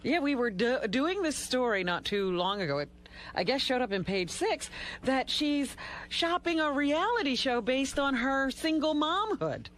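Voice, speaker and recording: A female radio co-host with a high, bright, animated voice. She throws in quick wisecracks during the banter. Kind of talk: radio talk show banter.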